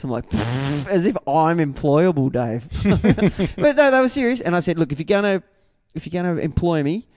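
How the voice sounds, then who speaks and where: An Australian man in a band, talking in a rambling, excitable way with many restarts in a casual interview. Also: on the high side, a little fast, no echo. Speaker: band member.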